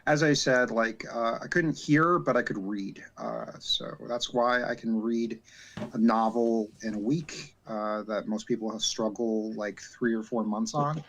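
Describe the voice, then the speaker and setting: A man acting as a game master, chatting casually in a halting way, with many fillers and repeated starts. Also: medium pitch, a bit bright. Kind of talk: casual chat.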